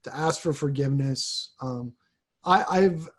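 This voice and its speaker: A man, a priest, talking reflectively in a casual conversation, pausing and restarting his sentences often. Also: medium pitch. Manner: reflective, halting, frequent restarts.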